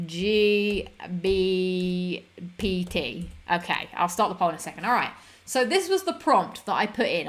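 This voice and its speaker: A woman's voice: mid-range voice, fairly bright tone. A young woman hosting a livestream, chatting casually with viewers in a rambling, self-deprecating way. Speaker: livestream host.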